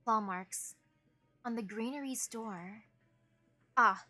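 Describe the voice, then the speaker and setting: A woman's voice: fairly high pitch, takes it slowly, sharp tone, no echo, soft background music. A woman streamer reading a game's story aloud and musing casually about it.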